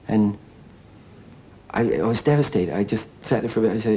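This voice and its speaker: A man reminiscing about his craft in a documentary interview, telling stories in a rambling way, circling back and restarting his sentences. His voice is fairly low and mellow, with a faint hiss of room noise behind it. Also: fast. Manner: rambling and anecdotal, with many restarts. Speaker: animation director interviewed.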